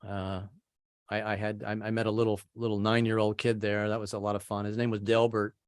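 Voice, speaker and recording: A man's voice: on the low side, level tone, brisk, clear, resonant tone, no room sound, clean studio sound. A man doing a stand-up comedy set, rambling, repeating words and acting out voices. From American, family from Kentucky.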